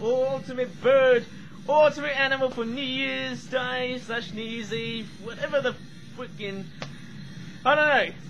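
A man with an Australian-sounding accent giving excitable, exclaiming reaction commentary as host of his channel. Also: extremely high pitch, a little hiss or hum, poor audio. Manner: excitable, exclaiming, laughing often.

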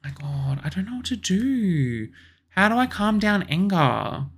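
A low-voiced woman with a gravelly edge gives let's play commentary, talking to herself as she plays. Her pitch swings widely as she bosses her game characters around in exasperation. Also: very animated, measured pace. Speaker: gaming channel host.

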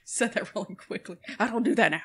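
A woman co-hosting a podcast in casual chat, teasing her friend with animated banter and quick laughs. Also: mid-range voice, husky. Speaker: podcast co-host.

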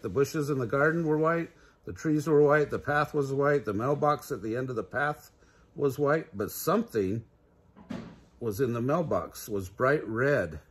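A man's voice: medium pitch, a little hiss or hum. An older man reading a children's storybook aloud, adding sound effects.

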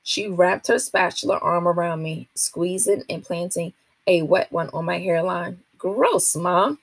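A woman, a teacher, reading a children's novel aloud to a class in a steady, expressive way. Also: fairly low pitch, unhurried, creaky, no room sound.

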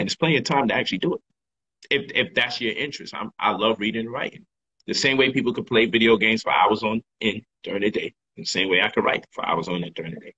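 A man talks straight to his livestream viewers, hammering his points through repetition and street slang. His voice is fairly low and husky. The stream audio is dull and lo-fi. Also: fast talker, sharp tone. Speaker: livestream host and author. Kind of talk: casual livestream monologue.

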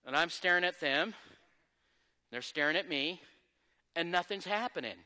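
A man pastor preaching a sermon with lively energy, moving between loud exclamations and quieter, conversational asides. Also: fairly high pitch, normal speed, big-room sound. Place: church sanctuary.

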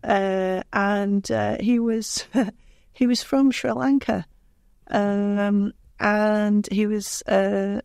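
A woman's voice: mid-range voice, creaky, darkish tone, no echo, studio quality. A woman chatting on a podcast, rambling and sweary with a heated edge. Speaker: podcast co-host. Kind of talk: casual podcast chat.

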